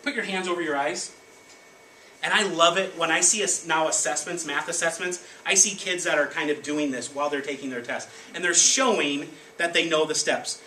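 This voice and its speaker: A man's voice: a little high, moderate pace. Man teaching a class, echoey room. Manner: energetic, directive, call-and-response prompting. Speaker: elementary school teacher. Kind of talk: leading a classroom math lesson. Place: elementary school classroom. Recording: echoey classroom, distant mic, background noise.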